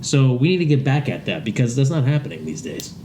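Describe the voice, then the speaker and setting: Casting: male podcast co-host, warm relaxed tone, casual, faint background hiss. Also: mid-range voice, fast talker. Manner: loose, swearing, asks questions. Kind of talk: casual chat.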